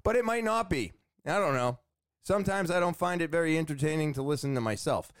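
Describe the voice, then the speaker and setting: A man's voice: a little high, animated, brisk, clear, resonant tone, no room sound, clean studio sound. A man hosting a podcast, telling a rambling, self-deprecating story and acting out the voices of people in it. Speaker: podcast host. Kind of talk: casual storytelling monologue.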